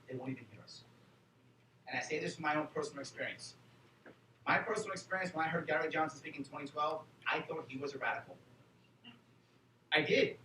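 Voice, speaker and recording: New man, high bright voice, joking convention speaker, miked from afar in an echoey hall. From New York City. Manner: animated, joking, fires rhetorical questions at the crowd. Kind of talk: political convention speech. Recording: echoey hall, far from the mic, faint noise.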